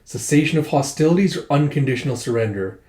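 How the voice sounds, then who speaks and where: A man reading an older male warlord doctor, cool, dry and measured. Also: medium pitch, expressive, darkish tone, echoey room, close to an everyday voice. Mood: cold.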